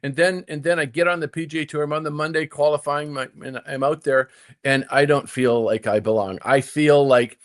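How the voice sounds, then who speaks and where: An older man spins a long story from his playing days, his pitch jumping up and down as he acts out what he told himself. He stumbles into restarts, repeating "and, and" before surging forward again. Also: fairly even intonation, brisk. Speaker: guest, former tour golfer. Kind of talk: storytelling in casual conversation.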